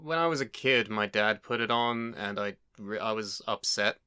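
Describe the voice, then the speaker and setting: A man co-hosting a casual podcast chat, with a dry, deadpan sense of humor. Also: on the low side, moderate pace, smooth, no room sound. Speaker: podcast co-host.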